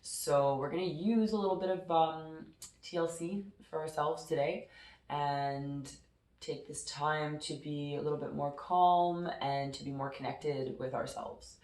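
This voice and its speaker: A woman with a congested, nasal voice and a sore throat from a cold, calmly guiding a meditation. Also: sits low. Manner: calm, slow, soothing instructions. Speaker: massage therapist guiding a meditation. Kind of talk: casual chat into a guided meditation. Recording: echoey room.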